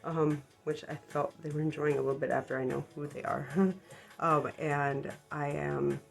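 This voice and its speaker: Low, gravelly woman rambling through a story. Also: flat delivery, normal speed. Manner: rambling, full of ums and likes; self-deprecating, embarrassed about the story. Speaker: vlogger. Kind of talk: casual storytelling. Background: background music.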